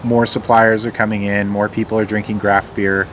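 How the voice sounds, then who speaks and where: Relaxed man explaining brewing. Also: fairly low pitch, moderate pace, slight background noise. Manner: relaxed, hesitant with many fillers. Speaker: craft beer brewer. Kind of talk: casual explanation.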